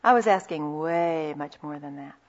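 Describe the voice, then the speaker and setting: A woman giving a conversational Christian talk on marriage, telling anecdotes and dropping into soft asides. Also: low-pitched, moderate pace. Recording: dull lo-fi recording.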